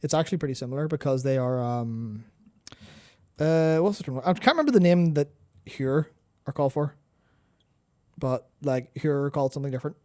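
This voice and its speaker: A man's voice: mid-range voice, a little fast, long pauses, warm tone. A man co-hosting a casual gaming chat, rambling, repeating words while he hunts for terms, and swearing casually. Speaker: podcast co-host.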